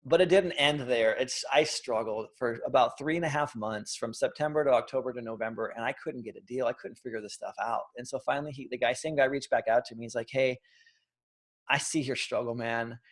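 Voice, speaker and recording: A man in his thirties, an interview guest, telling his own story in a lively, animated way and acting out the quotes. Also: mid-range voice, brisk. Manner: animated storyteller, acts out quotes, frequent restarts.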